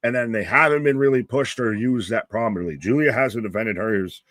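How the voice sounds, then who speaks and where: A man's voice: medium pitch, brisk, fairly bright tone, no echo. A man co-hosting a live wrestling watch-along, joking around, laughing and swearing freely. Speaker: co-host.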